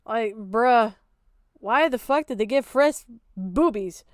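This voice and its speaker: Young woman streamer, high voice, swears a lot, loud and fed up, dry close sound. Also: expressive, slow, no echo. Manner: blunt, profane and exasperated, often shouting in disbelief. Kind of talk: casual reaction commentary.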